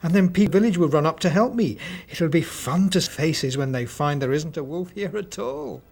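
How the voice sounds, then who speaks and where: A man voicing a mischievous young shepherd boy in a storybook reading, shouting in a shrill, high voice. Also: expressive, fairly quick, gravelly. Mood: scheming.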